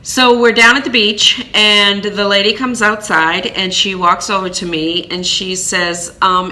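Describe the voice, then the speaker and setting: A woman from Maine tells a personal story in an animated, chatty way. Her voice sits a touch low but sounds bright, and she leans on fillers and restarts. Faint noise sits behind her. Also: unhurried, hardly any pauses. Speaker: vlogger, single parent.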